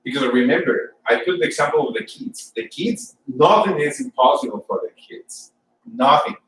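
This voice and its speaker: A man from Colombia, giving an informal sermon and personal testimony for a church service, halting and often repeating words as he tells his story. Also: mid-range voice, animated, echoey room, far from the mic, background noise. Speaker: church speaker.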